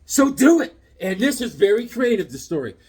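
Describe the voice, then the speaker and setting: A man's voice: sits high, moderate pace, slightly rough. A man chatting casually on his comic book channel, rambling through stories and doing voices. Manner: rambling, animated storytelling with voices. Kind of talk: casual vlog chat.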